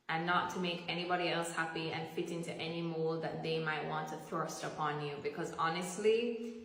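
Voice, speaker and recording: A woman's voice: on the low side, fairly bright tone. A woman speaking earnestly and frankly to camera. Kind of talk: earnest direct-to-camera talk. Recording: echoey room with long reverb.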